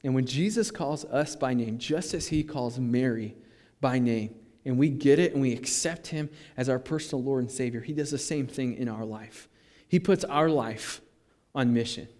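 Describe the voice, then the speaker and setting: A male pastor preaching a sermon in a conversational, animated way, with frequent restarts. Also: mid-range voice, normal speed, big-room sound.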